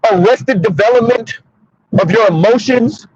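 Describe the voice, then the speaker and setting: A man's voice: sits high, normal speed, a little mellow, breathy edge, dry recording. A man in his thirties giving a sassy, preachy commentary monologue that he speaks straight to his audience. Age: 30s. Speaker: commentary streamer. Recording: dull lo-fi sound.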